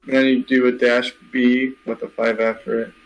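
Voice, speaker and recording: A man's voice: medium pitch, flat delivery, normal speed, low-quality recording. A man playing a tabletop game, chiming in to help with the rules. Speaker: player. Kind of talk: casual tabletop game talk.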